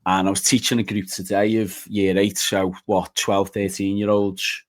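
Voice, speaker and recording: Brief: young man, low voice, exasperated ranting panelist. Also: little pitch movement, normal speed. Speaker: podcast panelist. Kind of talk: casual chat.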